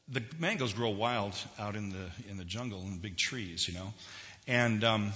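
A man preaching a sermon in a conversational way, with big swings in loudness and pace. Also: mid-range voice. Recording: dull lo-fi recording in a reverberant hall.

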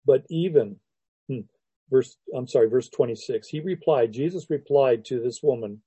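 A man preaching a sermon as a pastor, teaching verse by verse in an unhurried, reflective way with restarts and soft laughs. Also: medium pitch, breathy edge, no room sound, muffled recording.

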